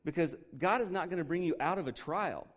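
A man preaching a Bible lesson in a conversational, joking way. He often checks in with "okay" and "right" and slows down to stress key words. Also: fairly high pitch, expressive. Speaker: pastor teaching a Bible lesson. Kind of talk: sermon.

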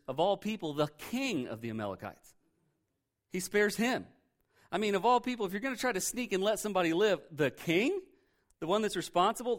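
A man preaching a sermon, reading scripture aloud and retelling it in a conversational, animated way with joking asides. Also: a little high. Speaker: pastor.

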